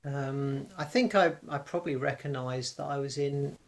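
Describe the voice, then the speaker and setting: A man speaking as an interview guest, his mid-pitched voice carrying a gravelly, creaky texture. He argues his points with rhetorical questions and drifts into little acted-out scenarios. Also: moderate pace. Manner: animated, rhetorical, acting out hypothetical pitches. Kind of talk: conversational interview.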